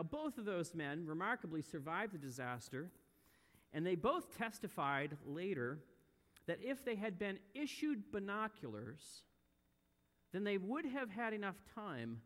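A man preaching a sermon in a church, earnest and building to loud, emphatic peaks. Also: sits high, big pitch swings, moderate pace. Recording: long hall reverb.

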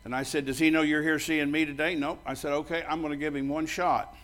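A man's voice: a little high, little pitch movement, fast talker. An older man preaching a sermon as pastor, bluntly telling stories and acting out both sides of the conversations. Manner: loud and bold when joking with the congregation.

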